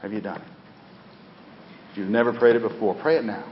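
A middle-aged man preaching a sermon in a church, swinging from loud, rising appeals to quiet, dropped phrase endings. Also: on the low side, a little fast, big-room sound, lo-fi sound, a little hiss or hum. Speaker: pastor. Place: church sanctuary.

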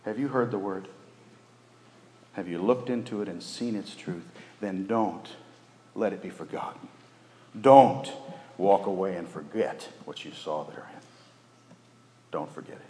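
A man's voice: sits low, moderate pace, pauses often. Man preaching a sermon, echoey hall. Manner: swings from loud urging to hushed near-whispers. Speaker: pastor. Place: church sanctuary.

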